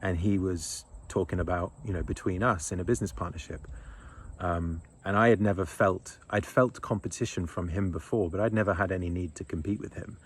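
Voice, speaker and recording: A man's voice: low-pitched, fairly even intonation, fairly quick, breathy edge. A man in his thirties talking in a blunt, rambling monologue, swearing freely and chuckling between thoughts. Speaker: men's retreat leader. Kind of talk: casual monologue.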